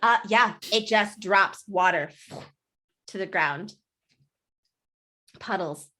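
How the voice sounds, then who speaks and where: A woman narrating a tabletop game as game master, lively and loose, laughing often. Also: medium pitch, slow.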